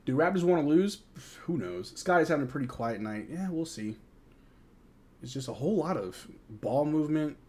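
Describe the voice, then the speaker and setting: A man's voice: fairly high pitch, lively intonation, moderate pace, warm tone. A young American man hosting a live game watch-along, reading out chat questions and reacting to plays as a frustrated fan in casual, slangy banter. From United States.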